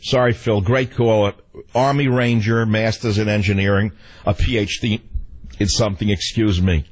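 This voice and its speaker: A man's voice: on the low side, steady tone, moderate pace, husky. An older man with a New York accent hosting a call-in radio show, rambling and opinionated, swinging between ranting and wistful storytelling. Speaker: radio talk show host. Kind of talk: talk radio monologue and call-in.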